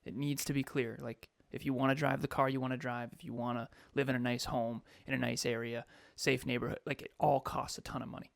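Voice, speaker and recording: A man in casual podcast chat, speaking with a gravelly, fry-tinged voice at a middling pitch. He talks with animated emphasis and laughs often. The sound is dry and close, with no room around it. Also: fairly quick, hardly any pauses, no room sound. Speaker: podcast co-host and coach.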